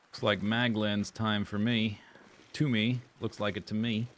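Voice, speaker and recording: A man's voice: fairly low pitch, level tone, measured pace, a bit bright, slight background noise. A man streaming a survival game, muttering sarcastic running commentary to himself. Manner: dry, sarcastic self-talk. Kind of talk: casual gameplay commentary.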